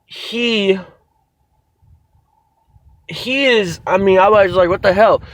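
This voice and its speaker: A man with a high voice gives an excited, rambling wrestling review, full of restarts and casual swearing. His voice is close and dry, with no room sound around it. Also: takes it slowly, no room sound.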